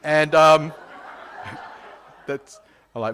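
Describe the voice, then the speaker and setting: A man's voice: on the high side, animated, slow pace, pauses often, a bit bright. A man preaching a sermon, opening with a prayer and then telling a personal story in a conversational way, often checking in with the listener. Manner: conversational, tag questions, frequent fillers.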